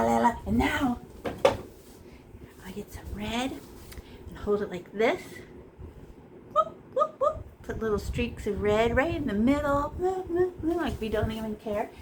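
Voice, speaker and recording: A woman's voice: on the high side, noisy background. A woman teaching a casual painting lesson, playful and chatty, tossing in silly sound effects as she works in a small art room.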